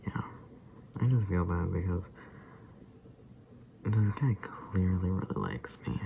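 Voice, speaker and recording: A man rambling casually to camera in a vlog, often dropping into a soft whisper. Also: low voice, slow, gravelly, a little hiss or hum, rough recording. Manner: loose and rambling, full of fillers and asides. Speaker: vlogger.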